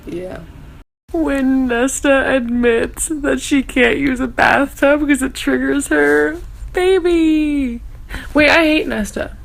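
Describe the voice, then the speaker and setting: High-voiced, gushing young woman book vlogger. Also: steady tone, takes it slowly, gravelly, poor audio. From Texas. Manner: dramatic, gushing, sarcastic fangirl rambling. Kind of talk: reading snapchat reactions to a fantasy novel.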